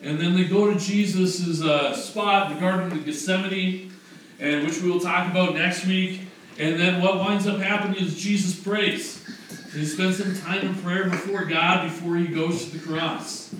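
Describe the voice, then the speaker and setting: A man's voice: high voice, steady tone, measured pace, a bit bright. A man preaching a conversational sermon, correcting himself as he goes and building to emphatic rhetorical questions. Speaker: pastor. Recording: very echoey room, distant mic, faint noise.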